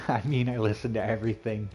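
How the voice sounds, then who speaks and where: A man's voice: fairly low pitch, steady tone, normal speed. A man chatting casually on his game stream, rambling and full of fillers and restarts. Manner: rambling, filler-heavy, self-interrupting.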